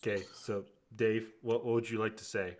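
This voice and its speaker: A man with a lowish voice patiently coaxes someone to speak up. His talk is casual and easygoing. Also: flat delivery, moderate pace, a little mellow. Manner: coaxing, patient. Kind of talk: casual banter.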